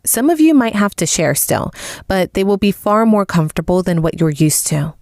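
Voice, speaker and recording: A woman reading a first-person audiobook story in a calm, even storytelling manner. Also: on the low side, moderate pace, no room sound, studio quality. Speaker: audiobook narrator.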